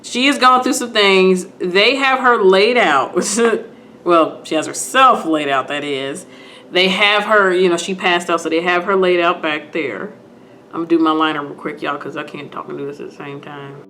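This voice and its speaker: A woman vlogger retelling a TV episode to her viewers in a casual, animated way while doing her makeup. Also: on the low side, moderate pace, a little hiss or hum. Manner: animated, talks to viewers, acts out scenes.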